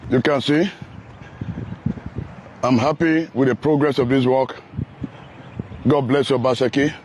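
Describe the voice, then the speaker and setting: A man's voice: medium pitch, steady tone, a little slow, a little mellow, a little hiss or hum. A man with a Nigerian accent, vlogging outdoors on a road under construction in casual, teasing, sometimes heated commentary.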